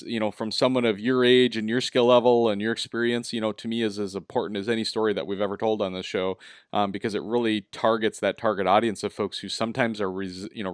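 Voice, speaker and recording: A man's voice: lowish voice, fairly even intonation, fairly quick, clear, resonant tone, dry recording, studio quality. A middle-aged man hosting a casual interview, talking in an easygoing coaching way, often asking "right?". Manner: easygoing, coaching tone with lots of "you know" and "right?". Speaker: host.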